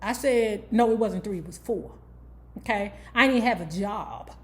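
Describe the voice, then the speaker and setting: A woman's voice: mid-range voice, normal speed. A woman from Washington, D.C. hosting a book club vlog, casually retelling a life story with candid, profane asides and frequent "okay?" check-ins.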